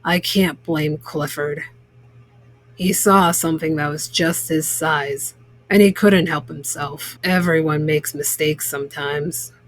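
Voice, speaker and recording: A woman voicing a proud adult male baker in a deep, gruff put-on voice for a children's storybook. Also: fairly even intonation, slow pace.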